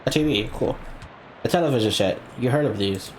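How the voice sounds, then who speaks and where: A man hosting a let's play, reading game text aloud in a casual way with quick reactions. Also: mid-range voice, slight background noise. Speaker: gaming channel host.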